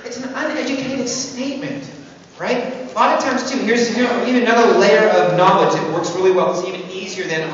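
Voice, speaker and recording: A man giving a lively, joking motivational talk to an audience at a sales event. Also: high voice, a little fast. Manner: playful, joking, animated, teasing the audience. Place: large hall with an audience. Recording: echoey hall, distant mic, muffled, noisy.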